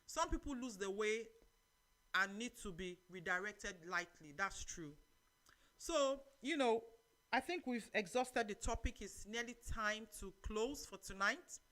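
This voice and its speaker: A middle-aged woman with a Nigerian accent hosting a live church talk show, preaching lively advice and reading out viewer comments. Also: medium pitch, a little slow. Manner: lively, preachy, mixes in Nigerian Pidgin phrases.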